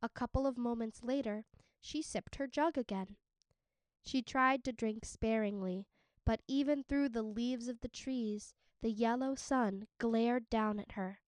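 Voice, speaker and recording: Female teacher, audiobook read-aloud, slow and crisp, dry close sound. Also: fairly high pitch, no echo. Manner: steady, clear storytelling.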